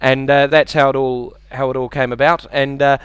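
Deadpan New Zealand comedian, smooth voice. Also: male voice, medium pitch, normal speed, no room sound. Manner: deadpan, self-deprecating, bantering with the audience. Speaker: stand-up comedian. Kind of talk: stand-up comedy routine. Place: comedy club stage.

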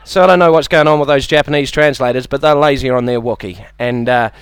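A man's voice: mid-range voice, quick pace, smooth, no room sound. A man with a New Zealand accent doing a stand-up comedy set, chatty and self-mocking, slipping into silly impressions.

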